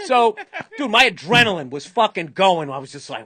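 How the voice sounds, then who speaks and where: A man's voice: high voice, big pitch swings, normal speed, sharp tone. A man in his fifties with a Boston accent, telling a long comic story on a podcast, swearing freely and acting out the other people's lines. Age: 50s. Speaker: comedian, podcast host. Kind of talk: casual storytelling chat.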